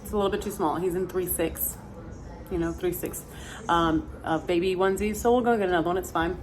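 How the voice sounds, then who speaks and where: A woman's voice: on the low side, fairly quick, a crowd in the background. A woman in her thirties vlogging from her car, chatting in a rambling, self-mocking way and swearing casually. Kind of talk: casual chat. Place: inside a car in her neighborhood. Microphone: camera mounted in the car. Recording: noisy car interior. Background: car and road noise.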